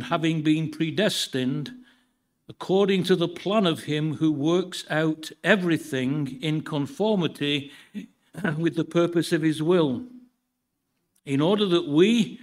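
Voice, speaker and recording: A British man preaches in a church, his voice on the high side. He starts with a measured Bible reading and then shifts into relaxed talk laced with dry humour.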